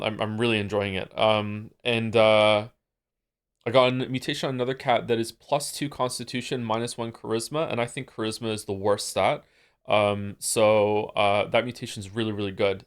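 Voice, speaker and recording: A man's voice: on the low side, smooth. A man streaming from home, chatting casually with his viewers, rambling with many fillers and restarts. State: losing his voice. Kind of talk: casual chat with chat.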